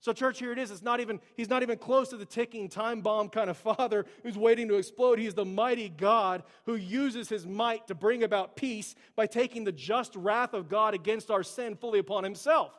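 A man with a notably high voice preaches a relaxed, conversational sermon, slipping into casual asides and voicing the quoted scripture. His words ring out with the long reverb of a church hall. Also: a little fast, few pauses. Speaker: pastor.

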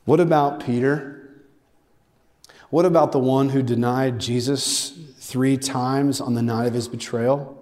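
A male pastor delivering a sermon with mounting fervor and deliberate pauses. His voice sits in an ordinary middle register for a man. It carries a long reverb, as if he is preaching in a large hall. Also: mid-range voice, steady tone, darkish tone. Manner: preaching with rising intensity and emphatic pauses.

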